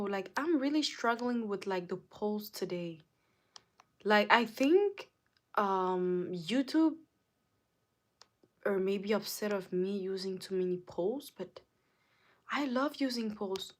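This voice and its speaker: A young woman from Africa chatting casually on a livestream, reading viewer comments aloud and answering them, with lots of "like". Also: mid-range voice. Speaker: livestream host.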